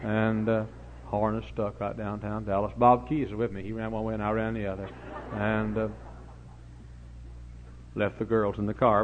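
A middle-aged man, preaching a folksy sermon full of rambling anecdotes and sudden loud emphatic bursts. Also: fairly low pitch, little pitch movement, normal speed, pauses often. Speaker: pastor. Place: church service before a congregation. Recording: dull lo-fi recording with faint hum.

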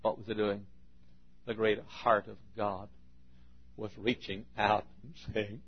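An older man, a pastor preaching a sermon in a folksy storytelling manner, dropping to a hush and then bursting out loud. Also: on the low side, level tone, slow pace, long pauses, breathy edge. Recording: dull, lo-fi archival sermon recording.

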